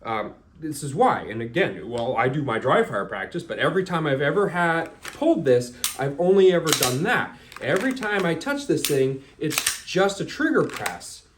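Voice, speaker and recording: A man's voice: fairly high pitch, sing-song, moderate pace, few pauses, fairly bright tone, slight background noise. Blunt, casual male firearms instructor. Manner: blunt, profane, acts out scenarios.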